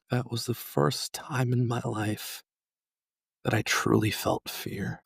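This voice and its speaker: Gravelly, monotone man, solemn monologue. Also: medium pitch, dry recording, studio quality. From New York. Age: 30s. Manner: solemn, slow and measured with angry emphasis. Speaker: podcast host. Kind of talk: personal reflective monologue.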